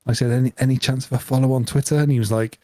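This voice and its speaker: A man co-hosting a podcast, telling an animated story through laughter in casual chat. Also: mid-range voice, rapid-fire. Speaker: podcast co-host.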